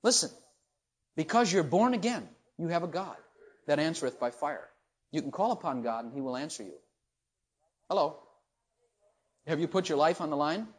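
A man preaching a sermon, shifting from low, quiet asides to loud, rising questions to the congregation. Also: lively intonation, normal speed, pauses often, husky.

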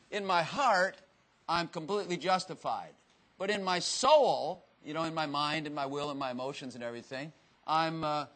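His voice sits on the high side, pushed and bright, as he leads a relaxed, folksy Bible study for a room of listeners. The man, a teacher or preacher, is talkative and self-deprecating, frequently quizzing the crowd.

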